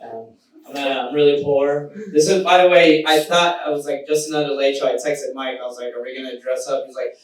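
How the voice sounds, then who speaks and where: A man in his thirties performing a self-deprecating stand-up comedy set for a live audience, building to shouted punchlines. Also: on the high side, fairly even intonation, moderate pace. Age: 30s. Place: small live venue with audience. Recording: echoey room, distant mic, audience noise.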